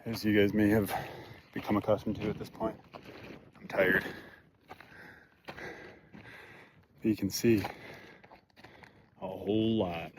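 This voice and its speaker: A man's voice: on the low side, noisy background. A young man from Michigan with a Michigan accent, out of breath and chatty as he vlogs a mountain hike, swearing and complaining about how hard it is. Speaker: vlogger. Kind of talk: hiking vlog narration. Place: outdoors on a mountain trail.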